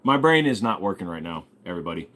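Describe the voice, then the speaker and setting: A man's voice: low voice, big pitch swings, fast talker, a bit bright. A young man hosting a laid-back livestream, reading viewer comments aloud and answering with crude, swear-heavy jokes. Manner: joking, crude, swears often, talks to chat. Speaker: livestream host.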